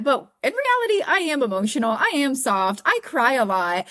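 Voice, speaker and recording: High-voiced earnest young woman. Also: very animated, a little fast, hardly any pauses, fairly bright tone. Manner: earnest, emphatic self-encouraging. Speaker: podcast guest. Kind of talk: candid casual interview talk.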